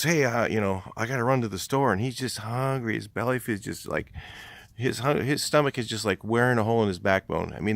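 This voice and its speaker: Working-class painter guy, rambling storyteller, low and dry. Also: fairly bright tone, no room sound. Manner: rambling, many restarts. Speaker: house painter. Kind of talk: casual storytelling vlog.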